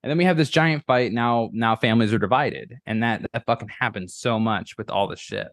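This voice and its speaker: A man's voice: medium pitch, fairly quick, no room sound, clean studio sound. A man on a podcast as a guest, chatting casually and rambling profanely about politics with many restarts.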